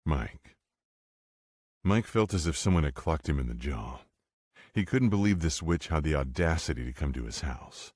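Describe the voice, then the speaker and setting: A man narrating an audiobook in a steady, matter-of-fact way. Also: a bass voice, normal speed, dry recording, studio quality. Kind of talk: scripted narration.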